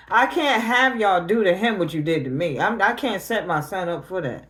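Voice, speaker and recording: A woman's voice: medium pitch, lively intonation, normal speed, hardly any pauses, a bit bright. A middle-aged woman tarot reader talking on a livestream, grieving and confronting her family directly in casual, emotional speech.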